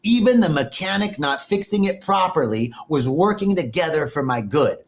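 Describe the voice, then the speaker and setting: A man preaching a sermon, telling animated stories, laughing often and swearing casually. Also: on the high side, normal speed. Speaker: minister. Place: lives in Costa Rica.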